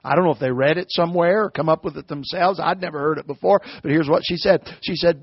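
A preacher delivers a folksy, story-driven sermon, his voice pitched high and climbing into shouts as he presses a point. The recording is dry and slightly muffled. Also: fast, hardly any pauses, breathy edge, no echo.

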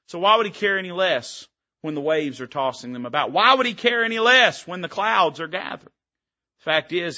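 A man's voice: on the high side, bright, forceful tone, dull audio. A man preaching a sermon from the pulpit, speaking in an emphatic, rising-and-falling preaching cadence. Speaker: pastor. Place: church sanctuary.

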